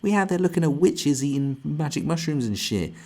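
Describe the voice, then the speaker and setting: A man's voice: on the high side, expressive, fairly quick, warm tone, faint music behind. A young man streaming live, ranting crudely and mocking the video in front of him, laughing often. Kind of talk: profane ranting reaction stream.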